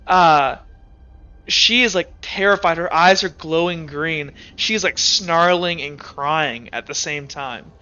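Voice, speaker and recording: Bright-voiced man running a tabletop game. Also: on the high side, slow pace, smooth, lo-fi sound. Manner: rambling, filler-heavy narration with frequent restarts. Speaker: game master.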